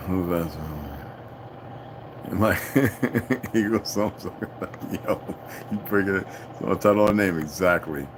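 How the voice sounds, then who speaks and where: Low-pitched and set against a noisy background, this middle-aged man's voice fronts a casual livestream as host. He rambles, laughs a lot, swears freely, and answers his chat.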